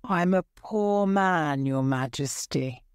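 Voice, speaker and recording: A woman's voice: sits low, takes it slowly, clear, resonant tone, dry recording, clean studio sound. A woman voicing a timid, nervous male hatter pleading before a king in a storybook.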